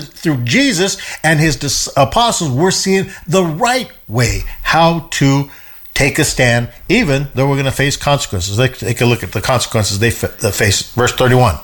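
A man's voice: on the high side, a bit bright. A man teaching a conversational Bible study, emphatic, often repeating words and acting out quotes as he retells stories.

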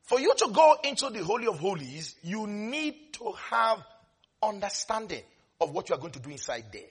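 A preacher with a high, bright, slightly husky voice delivers a sermon with wild swings in pitch. He drops to murmured asides, then climbs into loud shouting and chuckles through his points. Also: big pitch swings, moderate pace.

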